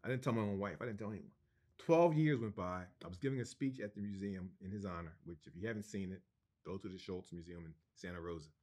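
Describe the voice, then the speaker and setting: A man being interviewed as a guest co-writer, telling an anecdote in an animated, excited way, with restarts and laughs. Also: low voice, fast.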